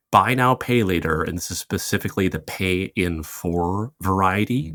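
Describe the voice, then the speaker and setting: A man with a very low voice talks as a podcast guest, laying out details in long explanatory runs with quick asides. He keeps a casual, conversational tone throughout. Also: a bit bright, dry recording, clean studio sound. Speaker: podcast guest, fintech commentator.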